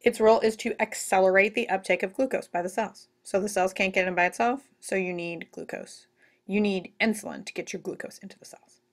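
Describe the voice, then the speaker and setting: Animated, joking woman teacher. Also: medium pitch, brisk. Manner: animated and joking, with many asides. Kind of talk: recorded classroom lecture.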